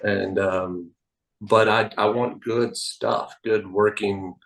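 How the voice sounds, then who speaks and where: A man, a magician guest telling animated anecdotes on a podcast. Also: lowish voice, takes it slowly, gravelly, rough recording. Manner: animated anecdotes, acts out quoted voices. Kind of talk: casual interview storytelling. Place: podcast studio.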